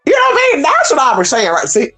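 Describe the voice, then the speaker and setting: A spiritual channel host chatting casually with livestream viewers, blunt and salty, jumping between high exclamations and low muttered asides. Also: wildly swooping pitch, fast, loud music behind the voice. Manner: salty and blunt, swears freely.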